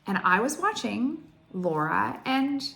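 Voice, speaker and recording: Excitable woman vlogger. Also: a little high, slow pace, gravelly. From Canada. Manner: excitable, gushing, heavy use of "like". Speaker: cross stitch vlogger. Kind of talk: casual chatty storytelling.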